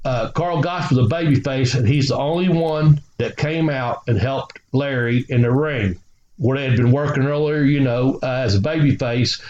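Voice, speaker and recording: A man's voice: medium pitch, normal speed, a little mellow. A man, a guest telling rambling stories and swearing freely. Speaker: guest, former wrestler. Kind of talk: casual storytelling. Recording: roomy, slightly dull recording.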